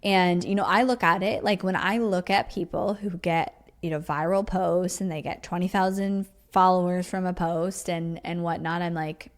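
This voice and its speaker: A woman's voice: lowish voice, fairly even intonation, moderate pace, few pauses. A woman hosting her podcast, riffing off the cuff in an emphatic, chatty teaching tone full of "like" and "you know". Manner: chatty, riffs off the cuff with many likes and you-knows. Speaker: podcast host. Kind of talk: casual solo podcast talk.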